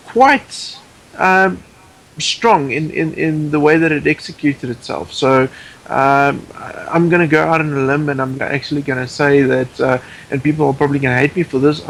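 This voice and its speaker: A man's voice: a little high, slight background noise, poor audio. A man guest on a podcast in casual chat, opinionated and rambling, with many restarts.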